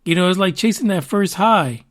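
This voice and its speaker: A man's voice: high voice, expressive, moderate pace. A man hosting a podcast, talking casually and rambling, with fillers and the odd swear word. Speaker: podcast host.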